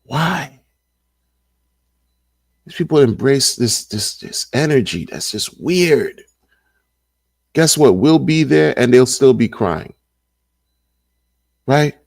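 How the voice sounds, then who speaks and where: Gravelly, emphatic man hosting a livestream. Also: mid-range voice, animated, takes it slowly, pauses often, a little mellow, no room sound, clean studio sound. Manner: emphatic, repeats phrases, slangy. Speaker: crypto livestream host. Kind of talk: casual livestream commentary.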